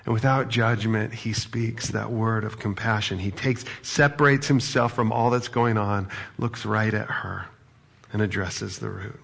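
Male pastor giving a sermon, kinda husky and fry-ish, talks to the crowd like a chat. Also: lowish voice, steady tone, unhurried, fairly bright tone. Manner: conversational, asks the audience questions.

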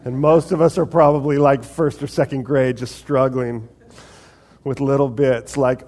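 A man's voice: medium pitch, normal speed, a little mellow. Man preaching a conversational sermon. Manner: conversational, asks the audience questions, acts out voices of God and people. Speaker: pastor.

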